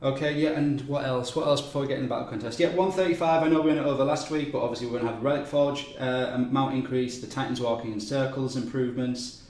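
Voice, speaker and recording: He's a fast talker who hardly pauses, with a steady medium-pitched voice that's a little mellow. He hosts a game live stream and chats casually through upcoming events, often umming and restarting, in an echoey room with faint background noise.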